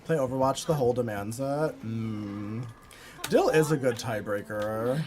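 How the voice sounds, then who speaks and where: A woman streamer giving chatty, expressive live commentary while she plays, full of quick reactions and playful complaints. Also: very deep voice.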